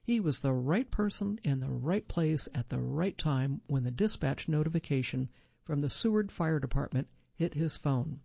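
A narrator reading a true survival story in a measured storytelling manner, lifting the quoted lines. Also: medium pitch, expressive, vocal fry, darkish tone, slightly rough, dry recording, dull audio.

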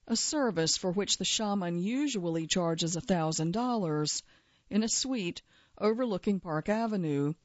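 A woman's voice: lowish voice, darkish tone, no room sound, dull audio. A woman journalist telling a first-person feature story in a wry, dry way. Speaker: journalist narrator.

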